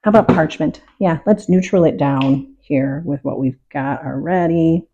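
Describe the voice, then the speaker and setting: A middle-aged woman talks through her painting in a calm, reflective way, openly sharing her emotions. Her voice is deeply mellow and husky. The recording sounds dull and lo-fi, as if from a home studio. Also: a little slow. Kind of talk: casual talk while painting.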